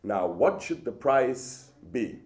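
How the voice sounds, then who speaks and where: A man giving a public lecture in a hall, with lively rhetorical questions and frequent restarts. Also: medium pitch, slow pace.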